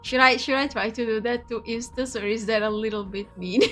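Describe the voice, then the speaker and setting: A woman's voice: a little high, steady tone, normal speed, pushed and bright, soft background music. A woman streamer, Portuguese her first language, reading a visual novel aloud and chatting with viewers in a chatty, giggly way. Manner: chatty, giggly, switches between reading and asides.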